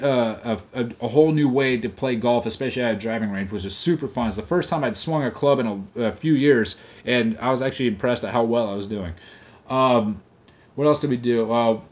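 Dude just turned 30 venting on his podcast, swears nonstop, gets loud and heated. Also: medium pitch. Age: 30s. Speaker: podcast host. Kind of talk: solo rant podcast.

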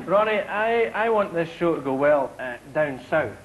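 Lively Scottish man hosting a comedy show. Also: a little high, moderate pace, background noise. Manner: joking, teasing banter. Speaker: show host. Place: TV studio with live audience. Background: audience laughter and applause.

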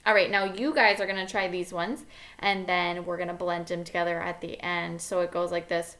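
A woman's voice: on the low side, steady tone, fairly bright tone. A woman teaching a phonics lesson to kindergarteners, sounding out letters one by one and praising often. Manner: slow, sound-by-sound enunciation with encouraging praise. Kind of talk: phonics lesson for young children.

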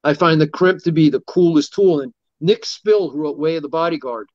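Lo-fi, dull audio, close and dry with no echo, carries a middle-aged man's slightly raised voice as he talks a touch quickly. He's a guest martial arts instructor in a casual interview, rambling through animated stories and acting out quoted voices while wandering from one anecdote to another.

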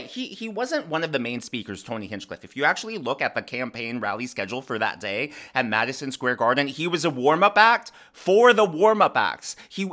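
Man, commentary host, emphatic, lively swinging pitch, bright forceful tone. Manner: animated, emphatic, explains step by step. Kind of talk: opinionated commentary.

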